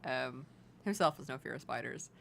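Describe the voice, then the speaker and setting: An Irish woman streamer chatting casually while gaming, an animated storyteller who jumps up high when quoting people. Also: normal speed, gravelly. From Ireland.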